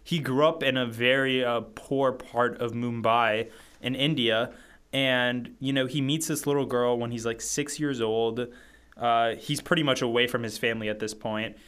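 A man's voice: mid-range voice, steady tone, normal speed, a bit bright, smooth. A young man co-hosting a casual chat, rambling with lots of fillers. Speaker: podcast co-host. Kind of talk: casual movie-list chat.

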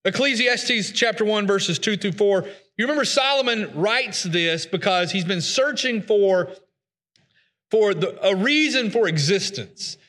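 A man preaches in a loose, conversational way, slipping into little voices for the complainers he describes. His voice sits high for a man and sounds bright and forward. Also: lively intonation, measured pace. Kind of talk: sermon.

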